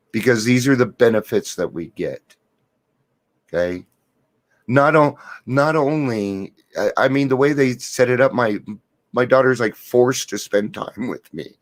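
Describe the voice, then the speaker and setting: A middle-aged man talking to camera in an earnest, confiding way, sharing a daily recovery reflection and stories. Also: fairly low pitch. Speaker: recovery vlogger.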